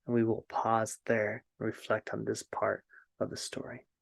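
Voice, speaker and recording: A man telling a fairy tale and then reflecting on it in a gentle, unhurried way. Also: lowish voice, monotone, creaky, dry recording. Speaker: storyteller.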